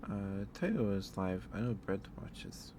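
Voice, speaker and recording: A lower-pitched man winding down a stream in an unhurried, softly rambling way, with many fillers between thoughts. His throat sounds dry, as if his voice is going. A steady hiss of background noise sits under his voice from the home stream mic. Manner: soft-spoken, rambling with fillers. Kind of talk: end-of-stream chat. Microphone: headphones and desk mic.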